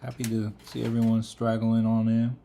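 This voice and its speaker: Low-voiced man chatting through a livestream. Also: normal speed, a little hiss or hum. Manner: relaxed, greets chat viewers by name. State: eating, mouth full of food. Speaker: livestream trader. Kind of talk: casual live market commentary.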